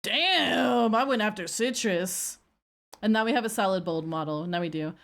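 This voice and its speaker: A woman streaming casually, reacting to her old clips in an animated, self-mocking way. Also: medium pitch, moderate pace, gravelly. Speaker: VTuber streamer.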